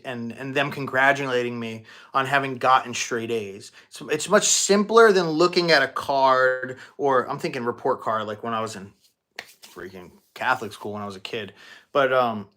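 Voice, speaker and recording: A man hosting a live-stream Q&A as a manifestation coach, talking casually with many restarts and fillers and thanking donors excitedly. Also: medium pitch. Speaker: manifestation coach and livestream host. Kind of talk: live-stream Q&A, answering viewer questions.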